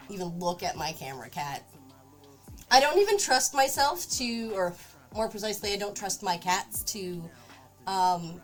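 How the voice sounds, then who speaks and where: Woman streamer cooing at her cat between crafting chatter, mid pitch, soft music under it. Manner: chatty, talks baby-talk to her cat. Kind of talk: casual livestream chat.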